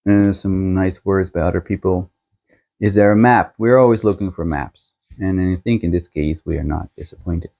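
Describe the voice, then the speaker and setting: A man hosting a book channel, chatting casually as he shows a book set and reviews a novel, unhurried and chuckling as he thinks aloud. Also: deep voice, vocal fry, warm tone, muffled recording.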